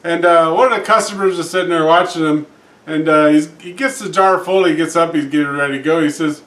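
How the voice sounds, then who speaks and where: A man telling jokes in a casual, folksy way, with lots of "uh" fillers, acting out characters in higher voices. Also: steady tone, a little fast, a bit bright. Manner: folksy, frequent "uh" fillers, acts out characters with raised pitch. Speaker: joke teller. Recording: roomy echo, distant from mic.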